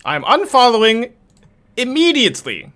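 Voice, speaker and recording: A man putting on a huffy, high-pitched stream viewer. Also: wildly swooping pitch, normal speed, a bit bright, heavily acted. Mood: offended. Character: indignant young male stream viewer, huffy.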